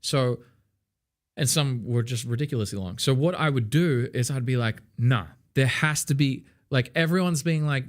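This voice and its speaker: A man teaching music in a casual livestream, animated and loose, peppering his talk with "like" and the odd swear word. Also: medium pitch, normal speed. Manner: sings song snippets to demonstrate. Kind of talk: casual livestream song feedback.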